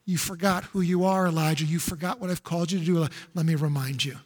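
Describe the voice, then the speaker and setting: A man taking on a gentle, fatherly divine voice that speaks softly and reassures. The tone stays calm and hushed, with long reverb ringing behind it in a large hall. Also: fast, natural voice. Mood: reassuring. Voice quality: soft, lowered and hushed.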